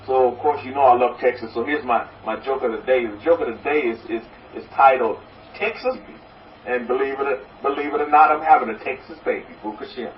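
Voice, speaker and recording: A man's voice: mid-range voice, brisk, a little hiss or hum. A man preaching as a rabbi, folksy and repetitive, mixing jokes into his sermon. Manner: repetitive, folksy, joke-telling, repeats a blessing refrain. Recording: distant, roomy, dull recording.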